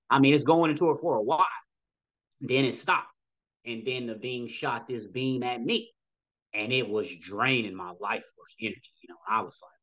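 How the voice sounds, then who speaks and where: A man's voice: mid-range voice, moderate pace, fairly bright tone, highs cut off. A man telling a personal story as a podcast guest, rambling and acting out dialogue with frequent "you know" asides.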